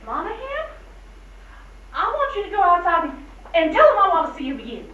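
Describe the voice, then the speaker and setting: Brisk fussy housekeeper type, really high voice that jumps all over, echoey old film sound. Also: female voice, wildly swooping pitch, far from the mic, phone-quality sound, full character voice. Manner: brisk, no-nonsense. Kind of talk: 1940s film acting.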